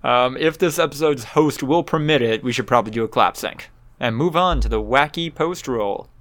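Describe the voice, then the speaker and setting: A young man on a casual podcast who chimes in with dry, teasing remarks. His voice is of ordinary male pitch. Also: moderate pace, fairly bright tone. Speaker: podcast co-host. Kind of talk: casual chat.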